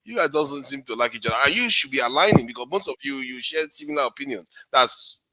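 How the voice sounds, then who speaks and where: A man hosting a live panel discussion, moderating with frequent hesitations and repeated words as he pleads for calm. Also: mid-range voice, quick pace, no echo, rough recording. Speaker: show host moderating a panel.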